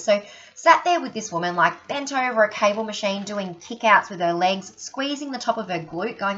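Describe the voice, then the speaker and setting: A woman with a mid-range, animated voice gives a chatty training talk to fellow sales consultants at a moderate pace, her tone fairly bright. She acts out the people in her stories and sprinkles in many "okay?" asides. The recording is dull and lo-fi, with slight background noise.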